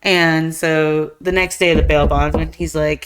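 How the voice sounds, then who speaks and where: A woman with a low-sitting voice talks at a measured pace over some background noise. Co-hosting a podcast live stream, she rambles through a casual recap of a film's plot, full of fillers and animated, acted-out quotes.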